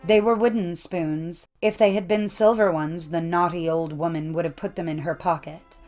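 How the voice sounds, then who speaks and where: A woman reading old folk tales aloud in a measured storytelling cadence. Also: on the low side, fairly even intonation, darkish tone, soft background music. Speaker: narrator. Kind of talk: scripted storybook narration.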